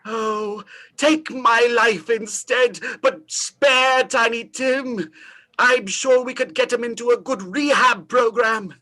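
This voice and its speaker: An actor improvising a greedy, remorseful old miser on a live stage, theatrical and overwrought. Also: male voice, extremely high pitch, moderate pace, few pauses, bright, forceful tone. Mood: pleading.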